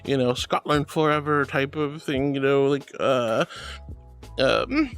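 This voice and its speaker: A man's voice: medium pitch, animated, slow, a bit bright, clear, resonant tone, faint music behind. A man streaming live, reading chat messages aloud in a playful, giggly, affectionate way.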